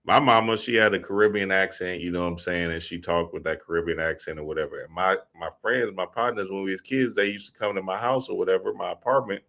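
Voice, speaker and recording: A man's voice: low-pitched, quick pace, hardly any pauses, pushed and bright. A man hosting a show, talking in a casual, profane, slang-heavy monologue full of stories. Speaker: podcast host.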